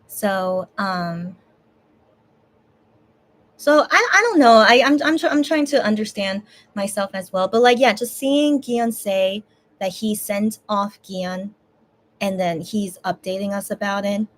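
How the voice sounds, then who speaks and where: A young woman talking casually to her viewers while tearful and crying, halting with many restarts and pauses. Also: medium pitch. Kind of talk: emotional casual livestream talk.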